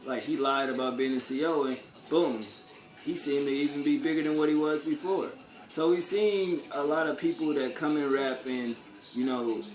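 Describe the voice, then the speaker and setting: A man vlogging a casual opinion rant, blunt and profane, full of street slang and rhetorical questions. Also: medium pitch. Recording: echoey room with faint ambience.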